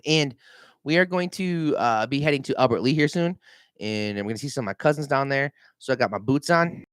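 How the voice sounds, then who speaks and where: A middle-aged man rambling in a casual vlog, telling animated stories and swearing freely. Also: mid-range voice, fairly quick, clean tone, no echo, studio quality. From Minnesota. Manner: animated storytelling, mimics voices, swears freely. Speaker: realtor vlogger.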